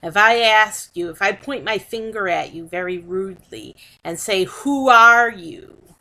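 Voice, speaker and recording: A woman giving an unscripted spiritual talk, slow and measured, often repeating and restarting her phrases. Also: mid-range voice, bright, forceful tone, rough recording. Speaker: spiritual teacher.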